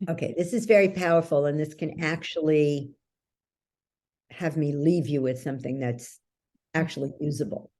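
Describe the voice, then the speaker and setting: A woman's voice: low voice, fairly even intonation, moderate pace, darkish tone. A woman who is a guest coach, explaining ideas in an interview, telling stories and checking in often with the listener. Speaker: guest, belief-change coach.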